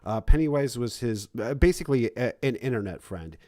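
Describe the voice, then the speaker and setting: A man hosting a casual interview, speaking haltingly with lots of fillers and restarts. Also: medium pitch, lively intonation, warm tone. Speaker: podcast host.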